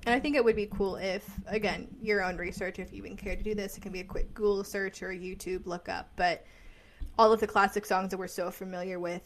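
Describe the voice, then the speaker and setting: A woman co-host talking casually on a podcast, mid-pitched and easygoing. She rambles in a chatty way, full of fillers and small laughs. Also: steady tone, fast talker, slight background noise. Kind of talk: casual chat.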